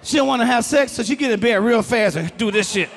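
Male stand-up comedian, middle-aged, high voice, big swings, loud, profane, shouted bits, handheld stage mic. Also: animated, fast, long reverb tail, slight background noise. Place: comedy stage before a live audience.

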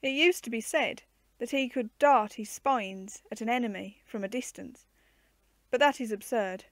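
A woman reading the part of a patient, gently teasing uncle who explains zoo animals to children in a storybook. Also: very high voice, normal speed, no echo.

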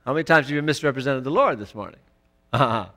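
A man preaching a sermon in a church, emphatic and rising to loud exclamations. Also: medium pitch, quick pace. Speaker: pastor.

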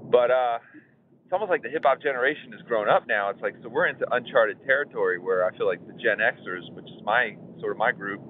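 A man in his forties hosting a podcast, chatting casually and rambling with fillers and chuckles. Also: on the low side. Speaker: podcast host. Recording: tinny phone line, faint noise.

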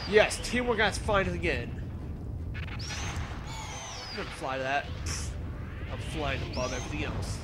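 A man giving excitable, playful gameplay commentary, yelling and teasing as he plays. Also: fairly high pitch, noisy background. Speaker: let's play commentator.

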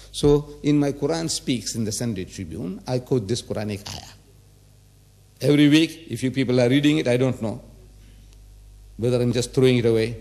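A man's voice: medium pitch, dark tone. A man in his seventies giving a religious lecture to a live audience, emphatic, repeating phrases and firing rhetorical questions at the listeners. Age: 70s.

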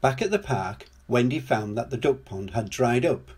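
An older man reads a children's storybook aloud, his voice a little husky and breathy. His pitch moves up and down freely as he tells the story in a gentle, lively way. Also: moderate pace.

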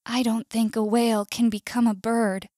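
A woman with an American accent voicing a gentle, loving female whale in a storybook, earnest and playful. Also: fairly high pitch, flat delivery, moderate pace, dry recording, clean studio sound, natural voice. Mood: tender. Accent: US English.

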